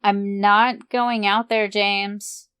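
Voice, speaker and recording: A woman's voice: mid-range voice, little pitch movement, extremely slow, fairly bright tone, clear, resonant tone, no echo. A woman reading the part of a shy, teasing teenage girl in an audiobook. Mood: coy teasing.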